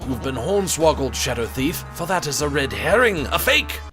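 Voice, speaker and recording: A man's voice: fairly high pitch, big pitch swings, normal speed, over music. A man voicing a pompous male penguin detective in a video game, with theatrical, self-important declarations.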